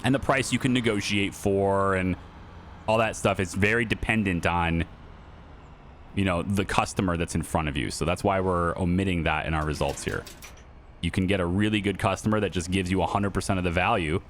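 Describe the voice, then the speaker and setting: A man's voice: low voice, fairly even intonation, fairly quick, a bit bright, slight background noise. A middle-aged man giving casual, chatty commentary over a car dealing game, repeating his points and laughing easily. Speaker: gaming YouTuber.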